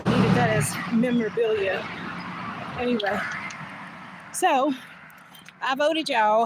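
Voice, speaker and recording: A woman with a fairly high voice tells an emotional story as she walks outdoors, speaking casually into her phone. She laughs often and sometimes drops to a soft whisper. Clear outdoor noise and passing traffic sit behind her voice. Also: takes it slowly, long pauses. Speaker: vlogger. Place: outdoors, walking back from voting.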